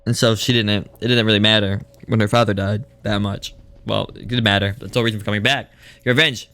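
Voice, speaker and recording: His lowish voice is bright and forceful, fast, with fairly even intonation as he reads a visual novel's text aloud on stream. He keeps breaking off for casual, rambling jokes and restarts often.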